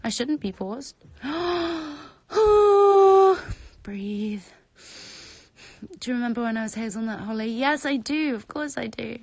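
A young woman from the UK chatting on a phone livestream, bubbly and excitable, reading out viewers' comments. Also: on the high side, quick pace, vocal fry, few pauses, no echo. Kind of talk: casual live stream chat.

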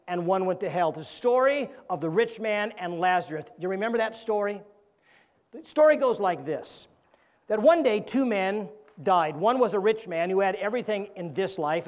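During a sermon in church, a male evangelist tells a joke, switching into animated voices for each character. His voice sits high.

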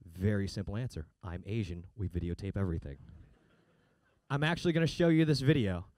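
A man's voice: fairly low pitch, lively intonation, brisk, a little mellow, no room sound. A man doing a stand-up comedy set, with a sarcastic, punchy delivery and mock voices. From United States.

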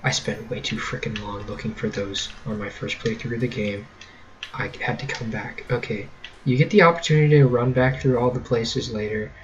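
A man's voice: medium pitch, fairly bright tone, rough recording. A young man giving casual, jokey gameplay commentary with sarcastic running gags. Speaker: let's play host.

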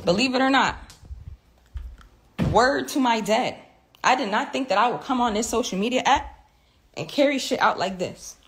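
A woman's voice: on the high side, expressive, moderate pace, pauses often, fairly bright tone, a little hiss or hum. A tearful woman in a profane, repetitive vlog rant, swinging between shock and defiance after days of crying. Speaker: social media creator.

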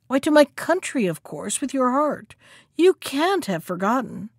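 A woman's voice: sits high, big pitch swings, measured pace, dry recording, clean studio sound, heavily acted. A woman voicing a gullible male shark who grows impatient and cross in a storybook reading.

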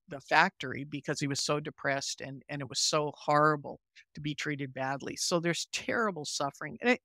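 A woman's voice: low-pitched, fairly bright tone, no echo. An older woman psychotherapist speaks earnestly in a podcast interview. She tells her stories with animation and acts out the voices in them. Her voice is recorded close and dry, with no room sound. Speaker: guest psychotherapist.

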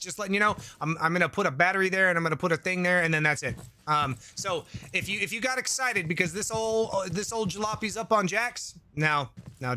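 A man's voice: high voice, bright, forceful tone, slight background noise. A man doing casual let's-play commentary into a desk mic, rambling with jokey asides, swearing and reading chat aloud. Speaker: gaming YouTuber. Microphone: desk microphone.

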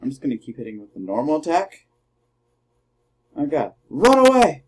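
A man doing let's play commentary, trash-talking his opponents and shouting battle cries. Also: medium pitch, lively intonation, normal speed, breathy edge. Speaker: gamer.

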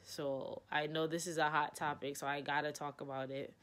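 A woman's voice: low voice, flat delivery, moderate pace, fairly bright tone, echoey room, recorded from a distance. A young woman vlogging in a casual, chatty and dramatic way, talking straight to her viewers. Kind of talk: casual vlog chat.

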